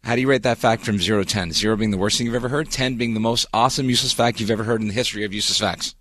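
A man's voice: fairly low pitch, rapid-fire, a bit bright, no echo. A man hosting a morning radio show, chatty and jokey, talking into a studio mic. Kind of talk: casual morning radio banter.

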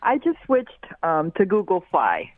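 A woman's voice: fairly low pitch, huge pitch swings, measured pace. A woman calling into a radio show with cheerful, chatty questions. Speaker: radio caller. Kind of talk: phone call into radio show. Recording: phone line.

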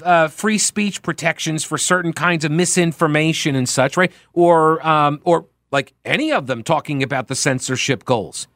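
A man with a somewhat high voice hosts a political talk show in a sarcastic, mocking tone, hammering his points home with emphasis. The studio sound is dry and close, with no room around it. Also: fairly bright tone, dry recording. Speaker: radio talk show host. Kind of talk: opinionated political talk monologue.

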